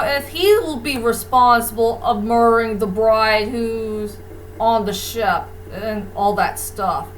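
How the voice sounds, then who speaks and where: Earnest woman reviewer, higher voice, slow unhurried casual delivery. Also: a bit bright, slight background noise, poor audio. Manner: earnest, plain-spoken, repeats a stock phrase to close points. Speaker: movie reviewer. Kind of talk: casual spoken movie review.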